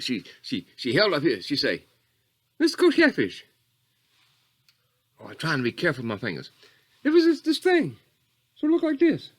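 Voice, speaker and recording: A man doing a rambling bayou catfish character. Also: fairly bright tone. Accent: Southern US (Louisiana bayou). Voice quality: folksy drawl, wildly swooping pitch. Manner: meandering, digressive, mock-earnest storytelling. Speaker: comedy character host. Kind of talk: character monologue.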